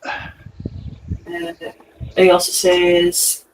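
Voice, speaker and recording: A man's voice: sits high, unhurried, gravelly, slight background noise, low-quality recording. A man co-hosting a casual livestream, reading viewer comments aloud with frequent chuckles. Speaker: co-host reading viewer chat.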